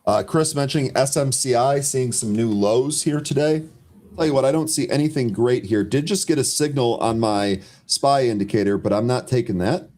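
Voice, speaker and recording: A man co-hosting a live trading show, calling stock moves and timestamps in a brisk, dry way with the odd sarcastic aside. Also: medium pitch, a little mellow. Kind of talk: live market commentary.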